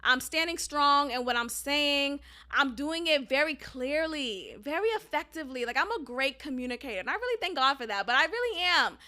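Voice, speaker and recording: A woman with a high, bright voice hosts a solo podcast and tells a personal story. Her delivery is animated and emphatic, with frequent asides to the audience and casual profanity. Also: moderate pace, few pauses. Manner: emphatic, animated, profane, addresses listeners as y'all. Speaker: podcast host.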